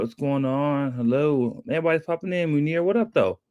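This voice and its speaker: A man's voice: mid-range voice, normal speed, hardly any pauses, a little mellow, no room sound, studio quality. A man co-hosting a casual developer live stream. He talks upbeat and greets viewers by name.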